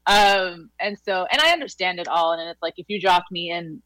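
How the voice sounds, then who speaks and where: A woman's voice: lowish voice, expressive, moderate pace, a bit bright, dry recording, poor audio. A woman with a New York Latina accent chatting casually as a podcast guest, laughing often and sprinkling in likes and you-knows. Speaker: actress guest.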